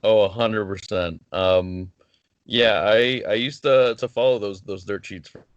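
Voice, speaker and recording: A man's voice: on the low side, steady tone, measured pace, clean tone, no room sound, muffled recording. A man talking casually as a guest over a video call, hesitant with many restarts. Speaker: wrestler guest. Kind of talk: casual interview chat.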